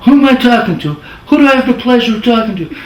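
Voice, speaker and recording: Man doing a loud high-voiced older crooner. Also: lively intonation, quick pace, distant mic. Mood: gracious. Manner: high, loud, repeating himself. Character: older famous male crooner on the phone, insistent. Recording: roomy with faint noise.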